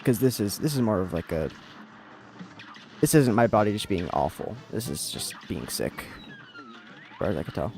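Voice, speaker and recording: Young american man, game streamer, lively swooping voice, faint music behind. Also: on the low side, moderate pace, long pauses. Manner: rambling, full of "like" fillers and restarts. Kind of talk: casual chat while gaming.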